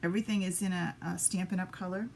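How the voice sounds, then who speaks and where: Her voice is lowish and a little mellow, fairly even in intonation, and she talks fast. This woman is showing papercraft on a relaxed live stream from her home craft table, talking to viewers and murmuring asides to herself, with slight background noise.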